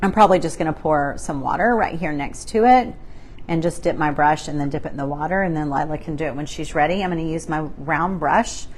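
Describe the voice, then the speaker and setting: A woman's voice: sits low, a little fast, slight background noise. A middle-aged woman, hosting a live painting tutorial and chatting casually as she works her brush. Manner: chatty, laughs often, talks through her brushwork. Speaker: craft painting host.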